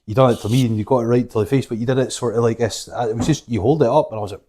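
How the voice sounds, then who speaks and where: A podcast host, a man who talks quickly in a mellow, warm voice. He asks halting questions and stumbles over his words. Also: mid-range voice. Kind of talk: casual interview.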